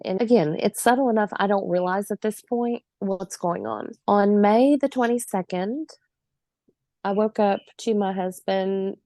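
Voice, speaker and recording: A woman's voice: medium pitch, dark tone, no room sound. A woman in her forties, a podcast guest, telling her own story in vivid, emphatic detail with occasional laughs.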